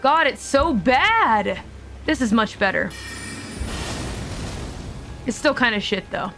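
A woman's voice: fairly high pitch, lively intonation, takes it slowly, fairly bright tone, soft background music. A young woman streaming a video game, chatting casually with her audience, joking around and swearing freely. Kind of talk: casual live-stream commentary.

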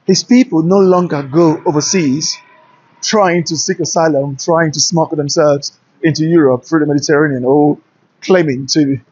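A man with a British-influenced Nigerian accent walks city streets outdoors, vlogging to camera on a handheld smartphone with lo-fi audio. His voice is a little high, mellow and husky, fairly even in intonation at a moderate pace, and he is enthusiastic and opinionated as a travel vlogger.

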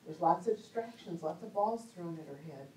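A woman's voice: on the low side, lively intonation, a little fast, warm tone, a little hiss or hum. Chatty woman preaching in an echoey hall. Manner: chatty, humorous, laughs often. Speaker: speaker at a church conference. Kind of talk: storytelling sermon talk. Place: church hall. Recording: echoey hall, mic at a distance.

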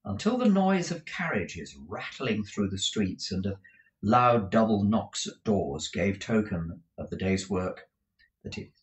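A man's voice: lowish voice, expressive, measured pace, dull audio. A man reading a classic novel aloud as an audiobook, often stumbling and restarting words. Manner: frequent restarts and self-corrections. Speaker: audiobook reader.

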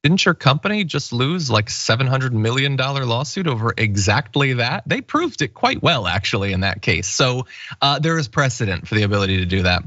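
A man's voice: medium pitch, sing-song, brisk, pushed and bright, dry recording, dull audio. A man hosting a political commentary show, sarcastic and emphatic. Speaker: news commentary host.

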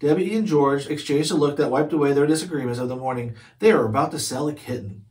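A man's voice: a little high, quick pace. Man reading a chapter book aloud. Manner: steady storytelling narration. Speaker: read-aloud host. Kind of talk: children's book read-aloud.

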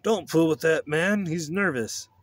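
A man's voice: mid-range voice, moderate pace, no echo, natural voice. A man voicing a restless, evasive male journalist with a raised, strained voice. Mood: shouting.

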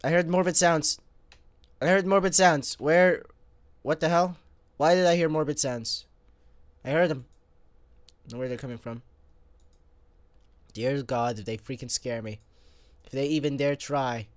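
A young man giving let's play commentary, excitable, talking straight to viewers and grumbling at the game, with fits of sneezing and coughing. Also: mid-range voice, measured pace, pauses often, dry recording. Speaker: gamer.

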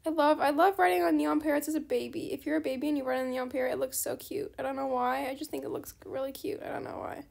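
A woman's voice: high voice, fast talker, creaky, few pauses. A young woman casually chatting while trading in a game, talking to herself and her viewers and apologizing often. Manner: chatty, apologetic, easily excited. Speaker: gaming channel host. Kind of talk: casual gameplay commentary.

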